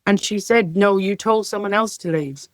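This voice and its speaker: A middle-aged woman from Ireland, a care sector leader, telling lively stories as a podcast guest and acting out the dialogue in them. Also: mid-range voice, normal speed, no echo. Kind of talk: podcast interview storytelling.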